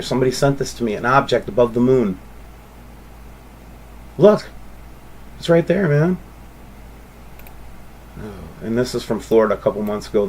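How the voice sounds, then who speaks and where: A man hosting a channel, talking casually and excitably over photos, rambling and calling out to viewers. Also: on the low side, a little hiss or hum. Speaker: channel host.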